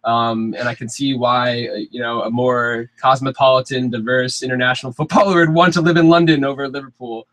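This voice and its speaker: A young man co-hosting a casual sports radio chat in a studio, chatty and quick to laugh. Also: medium pitch, fairly even intonation, a bit bright, no room sound. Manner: chatty, laughs often, trails off. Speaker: co-host. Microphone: studio mic.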